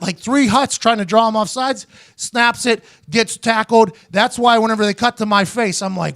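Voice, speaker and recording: American male host, 30s, high-pitched, animated profane storyteller, dry close mic. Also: moderate pace, no echo. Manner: animated, profane, acts out quotes in raised voice. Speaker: host, former punter. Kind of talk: casual storytelling podcast chat.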